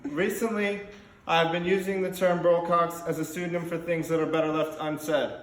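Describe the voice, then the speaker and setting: Twenty-something son doing a deadpan comic toast; slightly high voice, distant echoey reception recording, noisy room. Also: male voice, normal speed. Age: 20s. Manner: deadpan joke delivery with laughing asides. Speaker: son giving a wedding toast. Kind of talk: comic wedding speech. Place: wedding reception hall. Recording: roomy hall recording from a distance, loud crowd. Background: wedding guests laughing.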